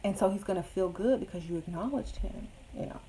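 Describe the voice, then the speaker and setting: A woman's voice: medium pitch, a little fast, warm tone, slight background noise, rough recording. A woman casually giving blunt, sassy dating advice to viewers, with joking asides. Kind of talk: casual advice chat answering viewer questions.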